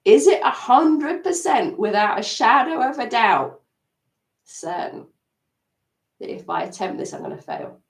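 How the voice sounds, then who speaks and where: Animated woman coach in a roomy room. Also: a little high, a little slow, gravelly, pauses often. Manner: animated, acts out inner self-talk. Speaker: EFT coach. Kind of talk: live-stream self-help coaching. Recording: roomy sound, mic at a distance.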